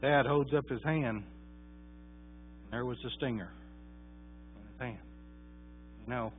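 A man's voice: mid-range voice, a little slow, pauses often, slight background noise. A man preaching a sermon, telling a story in a folksy, conversational way with many fillers. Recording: tinny phone-like sound.

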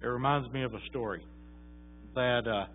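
A man's voice: medium pitch, moderate pace. A man preaching a sermon, telling a story in a folksy, conversational way with many fillers. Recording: tinny phone-like sound.

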